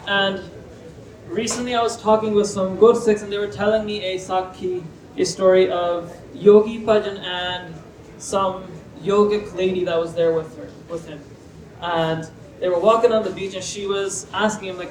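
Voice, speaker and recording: A man's voice: high-pitched, fairly even intonation, moderate pace. A young man giving a casual religious talk to students, telling stories with acted dialogue. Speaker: speaker. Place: university lecture room. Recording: echoey room, mic at a distance.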